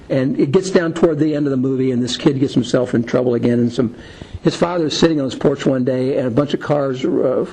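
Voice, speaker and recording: A man teaches a Bible study in a loose, rambling way, full of fillers and asides. His voice is gravelly, dark and husky. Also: medium pitch, low-quality recording. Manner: conversational, rambling, many fillers; retells film scenes as illustrations.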